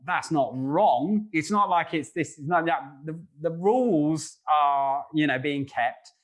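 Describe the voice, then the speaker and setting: A man's voice: fairly high pitch, unhurried. A man hosting a casual book discussion, talking thoughtfully and hesitantly, with frequent restarts.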